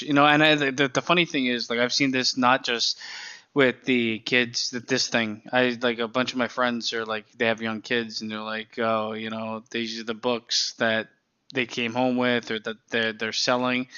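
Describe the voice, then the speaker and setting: A man's voice: medium pitch, level tone, moderate pace, sharp tone, clear, resonant tone, lo-fi sound. A man co-hosting a podcast in casual chat, ranting with frequent swearing and laughter. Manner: profane, ranting, laughs often. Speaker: podcast co-host.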